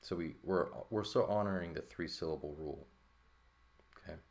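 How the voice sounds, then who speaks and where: A man with a very low, gravelly voice explains a language lesson at an easy pace. He thinks out loud and keeps checking in with the listener. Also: normal speed. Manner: relaxed, thinking aloud with frequent "right?" checks. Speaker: Greek teacher. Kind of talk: casual lesson walkthrough.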